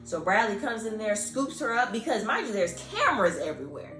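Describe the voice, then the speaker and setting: Animated woman retelling a novel. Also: medium pitch, a little fast, roomy sound, music in the background. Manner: animated storytelling, acting out characters' lines. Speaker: book podcast co-host. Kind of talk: casual chat retelling a novel.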